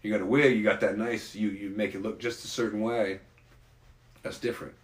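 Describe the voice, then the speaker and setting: A man's voice: lowish voice, little pitch movement, a little fast. Man chatting casually in a roomy space. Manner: rambling, opinionated. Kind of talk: casual conversation. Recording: roomy echo.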